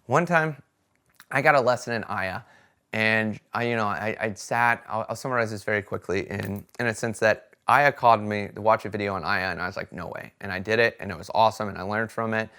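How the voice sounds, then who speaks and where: Animated man telling stories casually. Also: fairly low pitch, brisk, clear, resonant tone. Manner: animated storytelling, acts out quoted voices; conversational fillers like "right?" and "okay?". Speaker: vlogger sharing experiences. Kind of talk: casual talk to camera.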